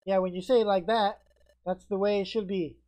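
A woman's voice: medium pitch, fairly even intonation, brisk, dark tone, natural voice. A woman reading aloud as a cheerful, encouraging guild leader creature from a game. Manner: encouraging, upbeat.

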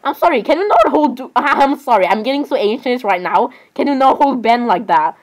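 Rambling through casual gaming commentary, a young woman with a fairly high voice sounds exasperated with her fellow players and apologizes repeatedly. Her delivery is animated and a little fast, and the vlog's recording quality is low.

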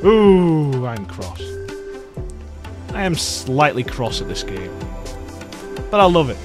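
Exasperated man ranting at a game. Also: on the high side. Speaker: let's play gamer. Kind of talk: casual gameplay commentary.

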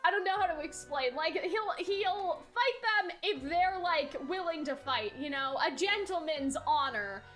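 Very high gushing young woman streamer. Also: a little slow, few pauses, faint music behind. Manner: gushing and excitable. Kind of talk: reacting to a game while reading lines aloud.

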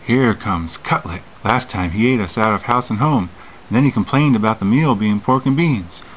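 A man voicing an excitable male animal helper in a children's storybook, with a high, whiny, fretful manner. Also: normal speed, natural voice. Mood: worried. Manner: frets and whines. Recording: dull home recording with faint hiss.

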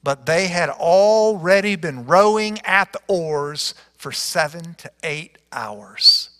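A man preaching a sermon as pastor, reading scripture dramatically with big swings from loud to hushed. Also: fairly high pitch, expressive, slow, long reverb tail. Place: church sanctuary.

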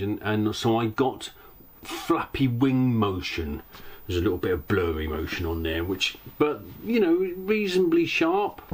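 Chatty deep-voiced bloke. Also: male voice, breathy edge. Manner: chatty, rambling, acts out quoted voices. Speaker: narrowboat vlogger. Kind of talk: casual storytelling monologue.

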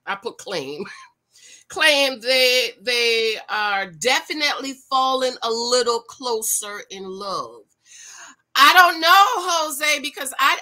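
A woman's voice: a little high, pushed and bright. A woman from Jamaica, chatting sassily as she recaps a reality show for her viewers. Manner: chatty, sassy, laughs and asks viewers questions. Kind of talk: casual reaction commentary.

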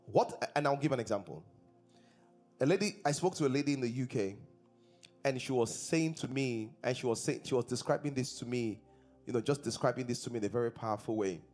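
A man's voice: medium pitch, fairly quick, darkish tone, soft background music. A man preaching a sermon as pastor, repeating his points and asking the congregation questions. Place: church service.

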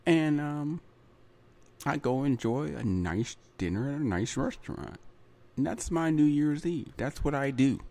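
A man's voice: on the high side, a little slow, a little mellow. A man hosting his own podcast, talking in a chatty solo monologue full of repeats and asides like "right?" and "you know". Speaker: podcast host.

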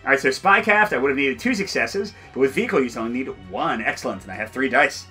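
A man's voice: medium pitch, expressive, fast talker, bright, forceful tone, soft background music. A man playing through a solo board game, reading the story text aloud and joking between rolls, often laughing.

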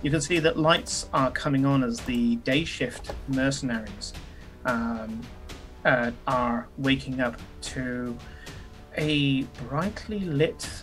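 Guy dming a tabletop game, mid pitch, lots of ums, kinda rambly, some music low in the back. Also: takes it slowly, a bit bright. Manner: rambling narration full of ums and uhs, swears casually. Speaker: game master.

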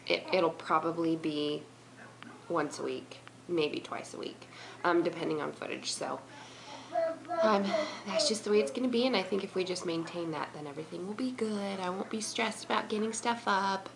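A woman's voice: fairly low pitch, normal speed, vocal fry, slight background noise. A young woman vlogging at home, playing with her toddler in sing-song baby talk and chatting to viewers. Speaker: vlogger and mother. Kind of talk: casual home vlog.

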